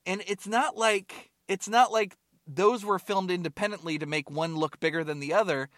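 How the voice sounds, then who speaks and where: Man, podcast co-host; high, dry-sounding voice, rambling and jokey. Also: moderate pace, a bit bright, dry recording. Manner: joking and rambling, swears freely. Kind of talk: casual chat.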